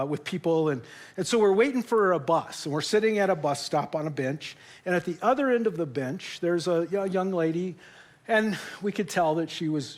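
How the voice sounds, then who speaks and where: High-voiced joking pastor. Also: male voice. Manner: storytelling, jokey, turns emotional. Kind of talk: sermon. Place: church auditorium.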